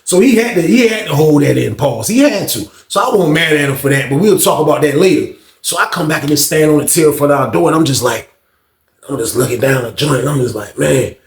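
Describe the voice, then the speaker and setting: A man with a gravelly, slightly higher voice tells a casual storytime monologue. He talks in slang and slips into raised voices to act out other people. The room around him rings with echo. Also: brisk. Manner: animated, slangy, acts out quotes in raised voices.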